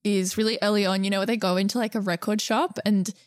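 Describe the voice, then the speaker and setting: A woman's voice: mid-range voice, steady tone, fast talker, smooth. A young woman co-hosting a casual podcast chat, rambling and filling her talk with "like". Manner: chatty, rambling with many likes. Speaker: podcast co-host.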